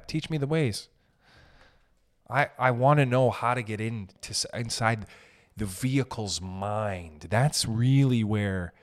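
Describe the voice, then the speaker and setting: A man ranting casually as a podcast host, profane and animated, swinging between loud bursts and muttered asides. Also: medium pitch. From raised in an Italian family. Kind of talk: casual comedic rant.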